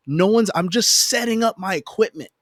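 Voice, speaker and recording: Animated storytelling man, dry close sound. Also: high voice, normal speed, no room sound. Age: adult parent. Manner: animated, emphatic repetition; self-deprecating humor. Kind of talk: casual conversational storytelling.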